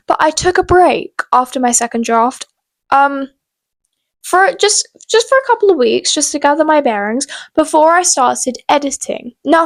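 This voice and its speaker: A woman's voice: high-pitched, dry recording, poor audio. A young woman chatting casually as a book vlogger, rambling and full of fillers. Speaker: book vlogger and self-published author. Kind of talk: casual chat to camera.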